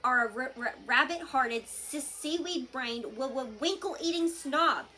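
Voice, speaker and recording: A woman's voice: sits high, unhurried, pushed and bright, voice pushed up. A woman voicing a small, grumpy male dragon who stutters on his words in a storybook read-aloud. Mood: jeering.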